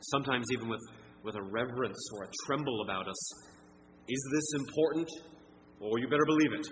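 A man's voice: medium pitch, a bit bright, a little hiss or hum. Pastor, man in his thirties, earnest conversational sermon voice, long reverb, faint room ambience. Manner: earnest, conversational preaching with playful asides. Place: church sanctuary.

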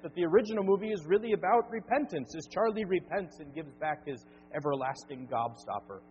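A man preaching a sermon as pastor, earnest, slowing down to stress key words. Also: on the high side. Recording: dull sound with long reverb and faint hum.

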